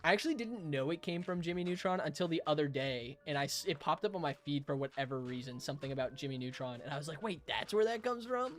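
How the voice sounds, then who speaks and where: A man's voice: a little high, fast talker, hardly any pauses, a bit bright, faint music behind. A young man streaming a game, chatting casually with his live chat, playful, rambling and laughing often.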